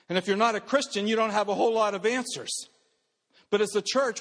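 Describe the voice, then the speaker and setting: A male pastor preaching a sermon, swinging between raised emphatic lines and hushed quiet ones. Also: high-pitched, fairly quick, long reverb tail.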